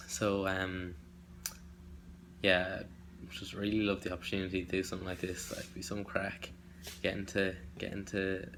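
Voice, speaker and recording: A man's voice: sits low, a bit bright, slight background noise. A young Irish man introducing himself in an audition video, hesitant and rambling, poking fun at himself. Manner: hesitant and rambling, self-deprecating. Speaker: acting hopeful.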